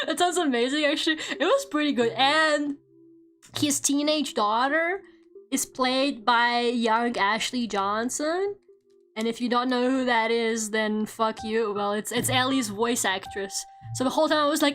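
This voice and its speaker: A woman with a high voice chats loosely on an art stream, swearing freely and laughing often between rambling thoughts. Her voice comes through a home desk microphone with faint music playing in the background. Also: takes it slowly, a bit bright. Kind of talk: casual chat while drawing on stream.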